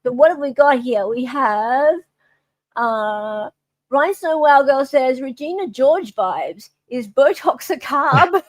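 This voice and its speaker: A woman's voice: high-pitched, animated, slow pace, dry recording. An Australian woman hosting a casual livestream, chatting and reading viewer comments aloud. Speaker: livestream host.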